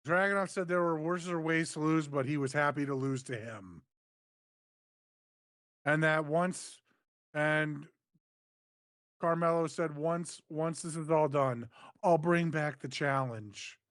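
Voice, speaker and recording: Man calmly recapping a show. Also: fairly high pitch, takes it slowly, pauses often, dry recording, clean studio sound. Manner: steady recapping, brief agreeing replies. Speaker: co-host of wrestling review show. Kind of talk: casual podcast recap.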